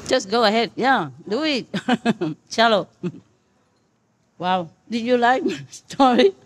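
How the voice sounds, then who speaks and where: A woman's voice: a little high, lively intonation, slow pace, breathy edge. An older woman telling a personal story to disciples in casual chat over a meal, laughing often and speaking with many fillers. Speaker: spiritual teacher. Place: meal gathering with listeners.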